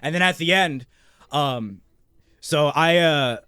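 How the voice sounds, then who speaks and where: A man co-hosting a podcast, telling a long, excitable story in casual chat with constant swearing and restarts. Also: a little high, slow, clear, resonant tone, no echo, studio quality. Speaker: podcast co-host.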